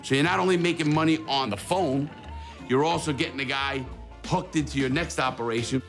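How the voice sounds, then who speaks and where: A man's voice: mid-range voice, fairly quick, a bit bright, soft background music. A man giving a documentary interview, telling his own story in a blunt, profane way and acting out the dialogue. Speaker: former illegal bookmaker telling his story.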